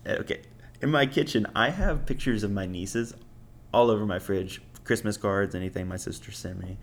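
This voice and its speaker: A man's voice: lowish voice, normal speed. A young man casually telling dating stories as a podcast host, swearing and laughing often. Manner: profane and laughing, offhand. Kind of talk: casual storytelling.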